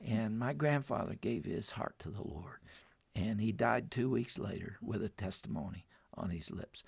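A man telling a family story in an earnest way, who then turns to warm, urgent encouragement. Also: on the low side, moderate pace, creaky, slightly rough, no room sound. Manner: heartfelt, rises to urgent appeals. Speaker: radio program guest.

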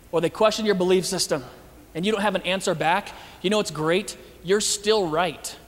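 A man giving a lively, joking talk to an audience as a Christian speaker, acting out the voices he quotes. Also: high voice, normal speed, long reverb tail.

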